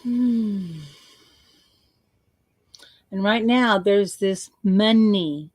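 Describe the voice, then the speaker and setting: A woman coach leading a guided visualization, slow and playful, repeating words for emphasis. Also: mid-range voice, darkish tone, no echo.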